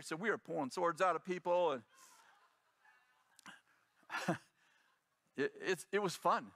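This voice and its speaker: A man's voice: high voice, slow pace, vocal fry, long pauses, fairly bright tone, no echo. A middle-aged man preaching as a pastor, telling a story with animation and acting out the voices of the people in it. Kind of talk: sermon storytelling.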